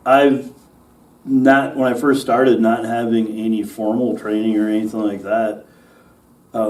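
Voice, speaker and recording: A man's voice: on the low side, darkish tone. A man, an actor, telling stories about his work in a casual interview, rambling with fillers and restarts. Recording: distant mic with faint noise.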